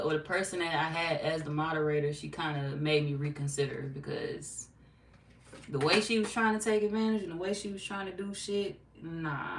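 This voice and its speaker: Streaming live, a low-voiced tarot reader tells chatty, animated stories, swearing without restraint and performing the quotes she repeats. The mic is far from her, the room echoes, and a faint hum sits underneath.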